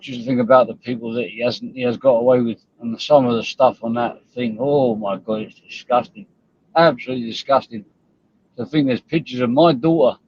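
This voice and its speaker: A man's voice: medium pitch, husky. A man hosting a live stream, ranting bluntly and scornfully at viewers and rivals, with frequent swearing. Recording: dull lo-fi stream audio.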